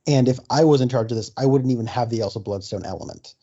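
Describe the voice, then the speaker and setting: A man's voice: mid-range voice, fast talker, dark tone. A man co-hosting a casual podcast, hesitant and thinking aloud, full of fillers. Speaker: podcast co-host. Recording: dull lo-fi audio.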